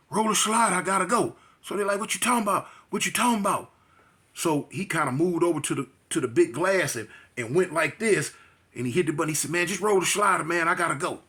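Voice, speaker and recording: A man from California, telling a story in a casual, slangy way and acting out voices and sound effects. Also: on the high side. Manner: animated, acts out quotes and sound effects, slangy. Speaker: storyteller recounting jail experiences.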